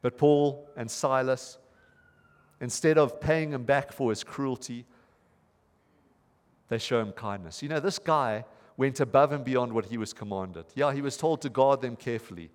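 A man preaching a sermon as pastor, telling a story earnestly and slowing down to stress his points. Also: mid-range voice. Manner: earnest, storytelling, slows for emphasis. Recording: reverberant hall.

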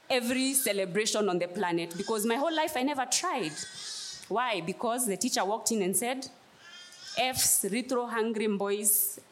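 A woman preaching a sermon, telling a personal story in an emphatic way and repeating key phrases. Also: on the low side.

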